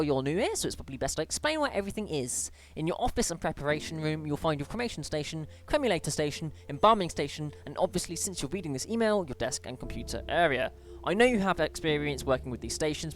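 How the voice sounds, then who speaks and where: A British speaker in a relaxed let's play, reading in-game emails and letters aloud and breaking off for chatty asides. The voice sits at a middle pitch but jumps up now and then on greetings, and the reading has small stumbles and restarts. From Britain. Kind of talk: casual gameplay commentary, reading on-screen emails aloud.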